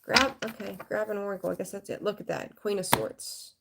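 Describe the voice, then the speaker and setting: A woman's voice: medium pitch, steady tone, brisk, gravelly, heavy background noise. A woman giving a live tarot reading in a frank, rambling way, swearing casually and greeting viewers. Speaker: tarot reader.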